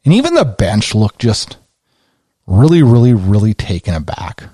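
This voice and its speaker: A man talks through a game recap in a casual, conversational way and gets worked up as he recounts his reactions. His voice is warm and mellow. It is recorded dry, with no room sound. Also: lowish voice, moderate pace, slightly rough, no room sound. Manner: excitable, conversational, retells his own reactions. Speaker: podcast host.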